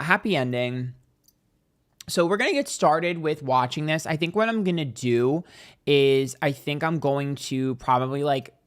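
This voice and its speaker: A man's voice: mid-range voice, smooth. A man in casual vlog chat, telling a story with lots of "like" and acted-out reactions. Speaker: tarot reader and YouTuber.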